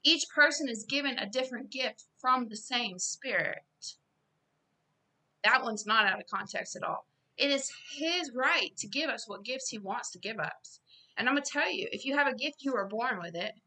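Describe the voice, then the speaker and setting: A woman giving an informal Bible reading and sermon, earnest and growing loud and emphatic as she preaches. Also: on the high side, expressive, moderate pace. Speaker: self-styled preacher.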